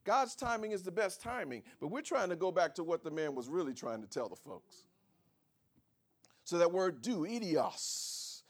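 A man preaching a sermon, teaching word meanings and asking the congregation for responses, swinging from low asides to shouted emphasis. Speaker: pastor.

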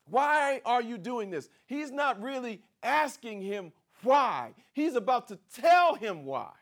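Animated high-voiced male preacher. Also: slow. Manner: dramatic, swings from loud to hushed; repetitive preaching cadence. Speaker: pastor. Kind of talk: sermon.

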